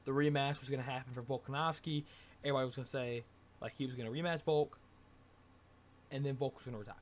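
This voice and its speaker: A young man telling a casual, rambling vlog story, excitable and full of filler words. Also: mid-range voice, fast. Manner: excitable, rambling, says dude and like a lot. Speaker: vlogger.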